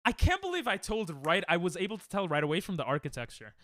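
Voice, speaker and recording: Young man, game streamer, lively pitch, dry close headset sound. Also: fast talker, dry recording. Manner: excitable, reacting aloud and bantering with chat. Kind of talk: casual live-stream chatter while gaming.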